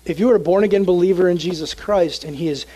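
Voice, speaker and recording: A young man preaching to a youth group, telling a story with lively, animated energy. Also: high-pitched, fast talker, breathy edge, rough recording. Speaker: youth pastor. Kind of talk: sermon with a personal story.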